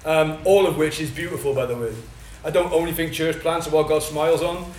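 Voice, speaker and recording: A Welsh man teaches a church training group, rushing excitedly through his points with fillers and restarts. His voice sits a little high. He is picked up from some distance in a reverberant hall with faint background noise. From Wales. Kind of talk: teaching talk at a workshop. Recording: echoey room, mic at a distance.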